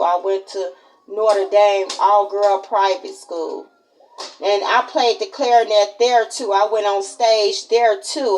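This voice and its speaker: A woman's voice: mid-range voice, a little mellow, poor audio. A woman in her forties from Chicago with a Chicago accent, telling stories of her school days in a chatty, repetitive way and speaking straight to her viewers. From Chicago, Illinois, USA. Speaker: vlogger. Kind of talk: casual personal storytelling to camera.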